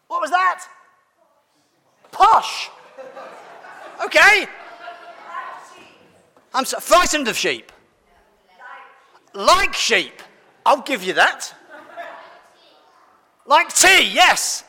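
A man leads a playful sermon and trades quick banter with the congregation. His voice sits high and swings widely in pitch. It rings out with a long echo through a large church. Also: very animated, sharp tone. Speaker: preacher. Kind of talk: interactive sermon. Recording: long church hall reverb.

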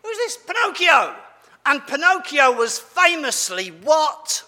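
A man's voice: very high-pitched, very animated, slow, bright, forceful tone, big-room sound. A man giving a playful, family-friendly sermon as a preacher, asking his audience questions as he goes.

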